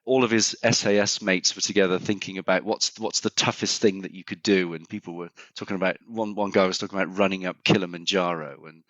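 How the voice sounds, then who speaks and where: A man's voice: low voice, a bit bright, no echo. A middle-aged man, a consultant guest on a podcast, telling stories and thinking aloud with many restarts. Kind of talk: conversational podcast interview. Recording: slightly muffled, dry sound.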